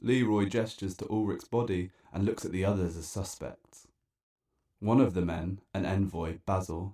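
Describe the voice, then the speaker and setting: A man narrating a dark, absurd spoken-word story in a deadpan, wry and theatrical way. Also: deep voice.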